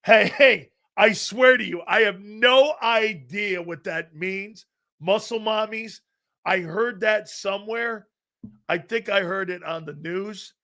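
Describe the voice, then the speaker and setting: A man's voice: high-pitched, takes it slowly, sharp tone. A middle-aged man hosting a live sports talk show, brash and profane, rambling through chat comments and laughing often.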